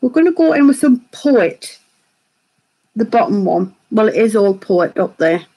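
A woman, chatting quickly while hosting a live makeup tutorial and reading viewer comments aloud. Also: medium pitch, sing-song, warm tone, slightly rough, poor audio. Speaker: beauty vlogger hosting a live stream.

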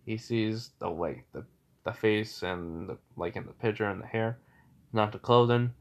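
A man's voice: lowish voice, moderate pace. A man casually telling a fan story, rambling with lots of fillers.

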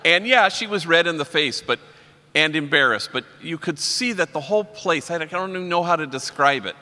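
Wry priest in a reverberant hall. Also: male voice, on the high side, animated, sharp tone. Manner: wry, anecdotal, slows down for punchlines. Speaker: priest giving a keynote talk. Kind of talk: storytelling religious talk. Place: large convention hall. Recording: long reverb of a large hall.

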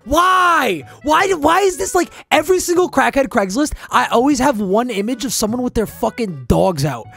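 A man's voice: very high voice, very animated, moderate pace, vocal fry, few pauses, a bit bright, faint music behind. A man hosting a price-guessing game on a live stream, brash and profane, joking with chat. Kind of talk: casual live-stream banter.

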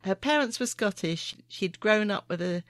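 A woman hosting a podcast, talking in a thoughtful, measured, musing way. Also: medium pitch, expressive, no echo, studio quality. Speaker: podcast host. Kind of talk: reflective podcast conversation.

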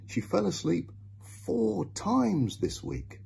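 A man's voice: sits high, huge pitch swings, slow, gravelly, dark tone, a little hiss or hum, pitched above the performer's own voice, heavily acted. A man voicing a concerned female schoolteacher speaking earnestly to a parent, in a children's storybook reading.

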